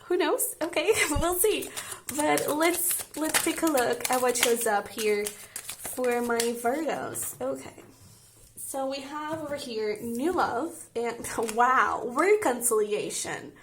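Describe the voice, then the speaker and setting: A young woman with a fairly high voice gives a casual tarot reading straight to her viewers. She talks in a chatty, emotional way and keeps checking in with them. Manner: chatty and emotional, frequent "I feel like" and "okay?". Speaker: tarot reader.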